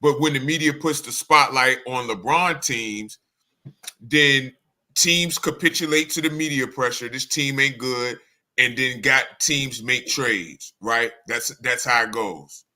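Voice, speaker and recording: A man's voice: medium pitch, unhurried, bright, forceful tone. A man co-hosting a sports podcast, laying out a reasoned, methodical argument. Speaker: podcast co-host. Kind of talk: sports debate monologue.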